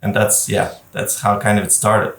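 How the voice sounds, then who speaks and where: Low-voiced man in a roomy, distant sound. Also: level tone, normal speed, vocal fry. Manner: storytelling, chatty, laughs while talking. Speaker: wedding photographer guest. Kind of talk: casual podcast chat.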